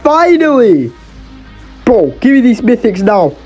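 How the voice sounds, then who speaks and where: A man's voice: high voice, expressive, normal speed, a little mellow, dull audio, faint music behind. A young man giving swearing, exasperated, jokey commentary over his own gameplay. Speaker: gaming YouTuber.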